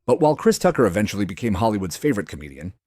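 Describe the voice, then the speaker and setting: A man reading scripted documentary narration in a brisk, dramatic way. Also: on the low side, huge pitch swings, warm tone, breathy edge, dry recording.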